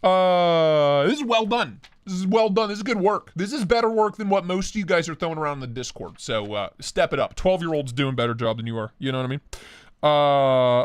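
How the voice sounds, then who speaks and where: A man's voice: on the high side, fairly quick, smooth. A man hosting a live stream, joking crudely and greeting chatters by name while short of breath from a big meal. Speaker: livestream host. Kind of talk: casual live chat reading viewer comments. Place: home office.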